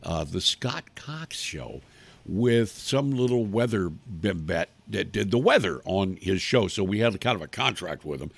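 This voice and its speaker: Gravelly-voiced man hosting from home. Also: low-pitched, expressive, unhurried. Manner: rambling, blunt and crude, with many restarts. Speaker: talk show host. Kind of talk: casual rambling monologue on a livestream. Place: his living room at home.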